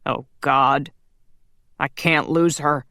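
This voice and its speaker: A woman's voice: sits low, fairly even intonation, slow pace, dry recording, clean studio sound, full character voice. A woman reading a frantic vampire husband. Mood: anguished. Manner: frantic, loud pleading. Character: desperate male vampire husband.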